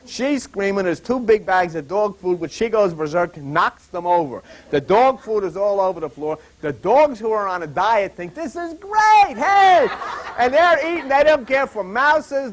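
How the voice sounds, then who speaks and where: An older man teaching from the Bible in a loose, rambling way and wandering into personal anecdotes. His voice sits high for a man and swings widely up and down as he tells stories. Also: slight background noise. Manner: animated, digressive storyteller.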